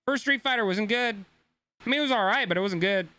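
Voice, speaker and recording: A man's voice: high-pitched, quick pace, bright, forceful tone, smooth, no echo. A young man streaming a game, ranting casually and swearing a lot as he talks to his chat. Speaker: gaming streamer.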